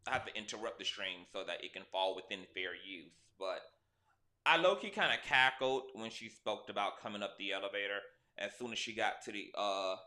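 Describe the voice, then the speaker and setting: A man's voice: lowish voice, expressive, brisk, bright, forceful tone. A man hosting a casual livestream, blunt and profane, talking straight to his viewers through a cheap desk microphone. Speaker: livestream host. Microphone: cheap desk mic.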